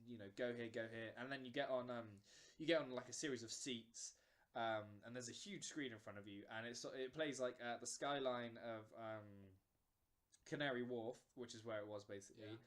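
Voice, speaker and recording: A man's voice: mid-range voice, fairly even intonation, moderate pace. A man casually telling a long story on a podcast, with many fillers and restarts. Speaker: podcast host. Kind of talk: casual chat.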